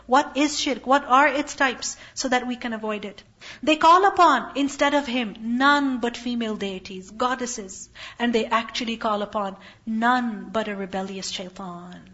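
A woman's voice: on the high side, moderate pace, pushed and bright. A woman giving a Quran commentary lesson, reciting Arabic verses and then translating them, and asking rhetorical questions that she answers herself. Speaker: Quran teacher. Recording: dull lo-fi recording.

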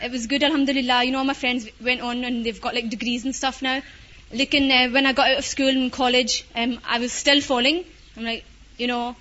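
A woman's voice: sits high, sharp tone, muffled recording, a little hiss or hum. A young woman with a Scottish accent giving a personal testimony in a chatty way, full of fillers and with Urdu words mixed in.

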